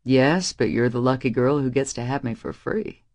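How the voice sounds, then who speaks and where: A woman voicing a guarded young male musician in an audiobook, speaking low, firm and wry. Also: moderate pace, darkish tone. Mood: teasing.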